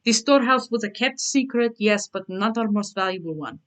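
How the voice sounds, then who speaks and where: A woman voicing a stern older male mob boss and father, with a put-on Italian accent that drifts toward Russian, speaking slowly and formally. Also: medium pitch, animated, a bit bright, close to an everyday voice. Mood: grave. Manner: slow, clipped, formal speech without contractions.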